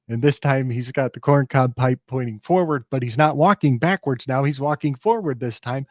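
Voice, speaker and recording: A man's voice: medium pitch, darkish tone, no echo. Dry-voiced man telling a folk tale. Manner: rambling, reflective, many restarts. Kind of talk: casual conversation and folk-tale storytelling.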